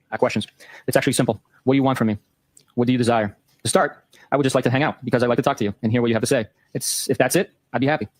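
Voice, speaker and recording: A man hosting a show, reading a long exchange of text messages aloud in a brisk, matter-of-fact way. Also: medium pitch, no echo. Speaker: host.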